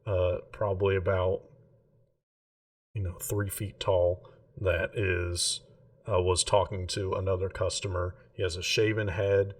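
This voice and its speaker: A low-voiced man running a tabletop game, narrating in a relaxed, rambling manner full of fillers. He sounds somewhat distant from the mic. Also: measured pace. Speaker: game master.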